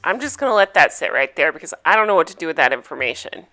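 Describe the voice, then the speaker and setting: A woman's voice: deep voice, sing-song, fast, bright, forceful tone, soft background music. A woman hosting a casual recap vlog, chatty and opinionated, sharing gossipy takes. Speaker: reality TV recap host.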